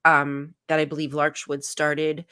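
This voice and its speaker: Casting: low-pitched woman, loose filler-heavy podcast chat. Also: monotone, unhurried, sharp tone, clear, resonant tone. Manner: chatty, frequent "like" and "um" fillers. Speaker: podcast co-host.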